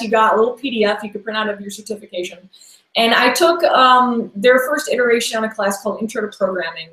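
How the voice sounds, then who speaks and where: A woman's voice: on the high side, a bit bright. A woman guest in a casual interview, talking in a rambling, chatty way with lots of "like" and restarts. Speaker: podcast guest. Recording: echoey room sound.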